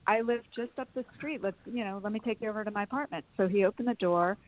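A woman speaking fast in a mid-range voice tells long personal stories in a phone interview, chatty and often laughing. The audio has a phone-line sound.

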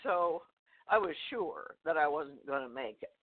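An older woman, a guest author, telling a personal story in a phone interview, halting, with fillers, restarts and soft laughs. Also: low-pitched, expressive. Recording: tinny phone line.

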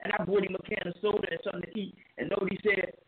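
A man's voice: high-pitched, level tone, very fast. A man calling in to a radio talk show, talking in an earnest, rambling way and repeating his phrases. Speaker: caller. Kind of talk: call-in talk radio chat. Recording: tinny phone line, faint noise.

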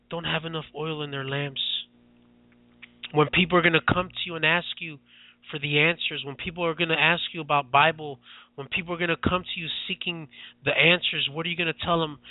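A man's voice: on the high side, steady tone, brisk, dry recording. A man preaching a sermon who keeps asking his listeners questions over and over, on a dry, tinny phone-like recording. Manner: repetitive rhetorical questions to listeners.

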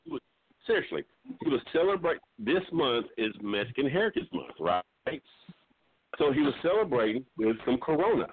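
A man's voice: medium pitch, big pitch swings, breathy edge, dry recording. Rambling joking man on a phone line. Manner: joking, meandering, halting. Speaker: regular caller. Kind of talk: rambling comedic call-in chat. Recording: dry tinny phone line.

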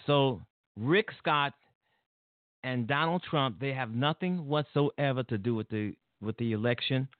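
A man's voice: medium pitch, no echo. A man hosting a political talk show, ranting in a heated, profane, rambling way with frequent restarts. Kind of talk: angry political commentary. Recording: tinny phone-like line, dry.

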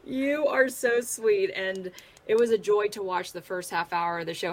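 A woman's voice: mid-range voice, fairly even intonation, normal speed, darkish tone. A woman from Pittsburgh with a Pittsburgh accent, a guest chatting casually in an interview, friendly and reflective. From Pittsburgh, USA. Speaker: guest, YouTuber.

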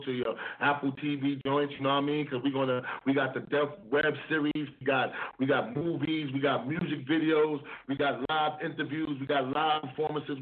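A man hosting a radio interview show, speaking. He rolls through energetic DJ patter and repeats his catchphrases. His voice sits at an ordinary middle pitch and comes through a narrow, phone-like line. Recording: tinny phone-like sound.

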